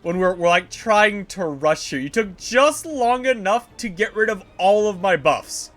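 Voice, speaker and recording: A man streaming a game live, reacting excitedly and swearing often. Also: high-pitched, measured pace, faint music behind. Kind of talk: live gameplay commentary.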